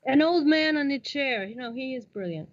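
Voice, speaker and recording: A woman's voice: high voice, no echo. A woman chats casually and tells her stories with animation. Her voice is dry and muffled, as if it comes through dull, lo-fi audio. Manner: quick reactions, laughs along, animated when telling stories. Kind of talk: casual conversation.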